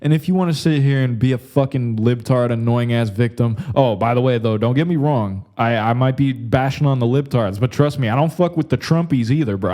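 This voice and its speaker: A young man rambles through a podcast monologue, swearing freely and leaning on "like" and "bro." His voice sits warm and mellow rather than bright. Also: mid-range voice. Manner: rambling, crude, says "like" and "bro" constantly. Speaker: podcast host. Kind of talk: casual comedic monologue.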